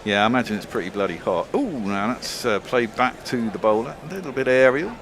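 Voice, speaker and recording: Brief: male cricket commentator, dry joking banter, mid-pitched voice, noisy recording. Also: a little fast, a bit bright. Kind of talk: ball-by-ball radio commentary.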